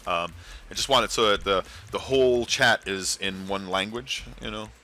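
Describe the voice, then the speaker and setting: A man's voice: on the low side, moderate pace, bright, forceful tone. A man hosting a casual livestream, rambling and talking back to his chat. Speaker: livestream host.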